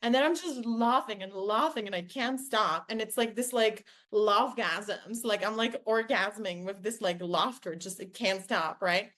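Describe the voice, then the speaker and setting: On her podcast, a young female host recounts a personal story at a measured pace with few pauses, her medium-pitched voice a bit bright. Her telling is effusive, packed with "like," and she performs the quoted lines in character.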